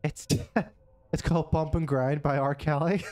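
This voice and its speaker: A man's voice: fairly high pitch, flat delivery, a little slow, darkish tone, dry recording. A man co-hosting a gaming video, trading crude jokes and laughing often as they play. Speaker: gaming channel co-host. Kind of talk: casual let's-play banter.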